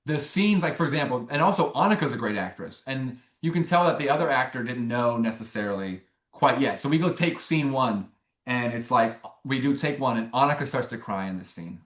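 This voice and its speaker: A young man, a filmmaker guest, telling a long story in a rambling, animated way with many restarts. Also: medium pitch, a little fast, echoey room. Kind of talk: casual interview storytelling.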